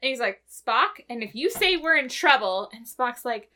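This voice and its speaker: A woman's voice: a little high, animated, normal speed, sharp tone. An American woman in casual chat, retelling a TV episode scene by scene. She giggles often and acts out the characters' quotes.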